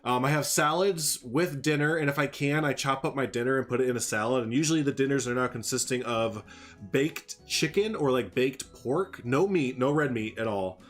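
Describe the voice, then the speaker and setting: A man's voice: mid-range voice, moderate pace, faint music behind. A man live-streaming a game, chatting casually with his viewers in a rambling, jokey way and laughing often.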